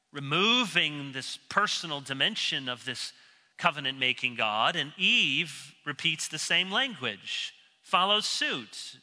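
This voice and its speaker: Animated, bright-voiced preacher in a reverberant hall. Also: male voice. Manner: animated, emphatic, drops low and quiet for quoted speech. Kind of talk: expository sermon. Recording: long reverb of a large hall.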